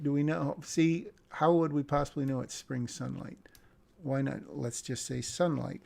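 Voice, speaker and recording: A man's voice: medium pitch, fairly even intonation, moderate pace, creaky, a little mellow. A man giving a casual critique of a screenplay, thinking aloud with hesitations and muttering lines under his breath. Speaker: screenwriting commentator.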